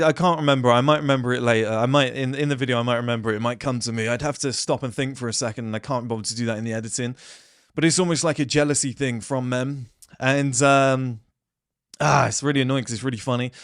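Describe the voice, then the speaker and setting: A man's voice: medium pitch, smooth, dry recording, clean studio sound. A man giving a blunt, rambling casual monologue to camera, swearing freely. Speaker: self-improvement vlogger.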